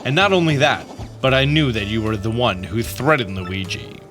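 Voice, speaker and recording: A man voicing a pompous, self-assured male detective in a lowered, slow voice. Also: expressive, music in the background, natural voice.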